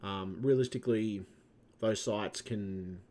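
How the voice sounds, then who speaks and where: Speaking slowly in a fairly low, darkish voice, this vlogger talks into the computer mic at home. The channel host is clearly frustrated, cursing nonstop, restarting his thoughts and letting them trail away.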